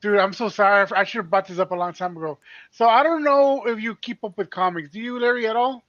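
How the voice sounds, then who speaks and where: High, bright male co-host on a dry line. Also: fast. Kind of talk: casual chat. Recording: dry, dull lo-fi audio.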